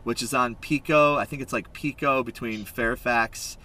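A man hosting a podcast, chatting casually in a relaxed way with lots of "like" fillers. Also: mid-range voice, moderate pace. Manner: relaxed, filler-heavy, many "like"s. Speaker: podcast host. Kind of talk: casual chat.

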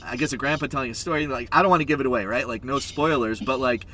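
A man hosting a podcast, chatting casually in a relaxed way with lots of "like" fillers. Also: mid-range voice, quick pace. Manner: relaxed, filler-heavy, many "like"s. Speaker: podcast host. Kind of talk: casual chat.

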